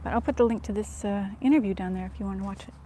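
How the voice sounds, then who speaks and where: A woman vlogger chatting casually to viewers, soft-spoken and often dropping to a whisper, self-deprecating. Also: medium pitch, rapid-fire, slight background noise.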